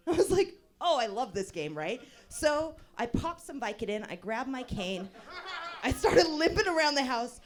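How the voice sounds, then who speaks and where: A woman in her thirties with a high voice works an open-mic stand-up set, her humor wry and deadpan amid bursts of laughter.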